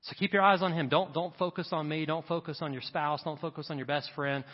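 A middle-aged man preaching a sermon as a pastor, with rising emphasis and quick asides to the congregation. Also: fairly high pitch, fairly even intonation. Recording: dull sound with long hall reverb.

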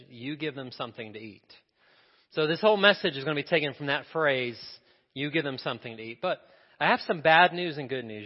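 Male pastor, mid pitch, conversational storytelling sermon; dull recording with long hall reverb. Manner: storytelling, conversational, asks the congregation questions.

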